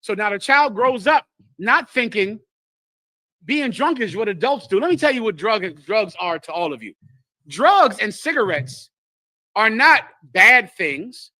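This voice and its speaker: Male teacher, sermon-style delivery, blunt and emphatic; high pitch, dry close sound. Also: sing-song, unhurried, bright, forceful tone, no echo. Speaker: teacher leading a congregation class.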